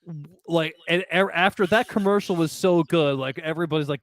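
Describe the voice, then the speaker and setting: A man's voice: fairly high pitch, fairly quick, dry recording, clean studio sound. A man co-hosting a podcast in casual chat, easygoing and enthusiastic. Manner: easygoing, enthusiastic, many restarts. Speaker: podcast co-host.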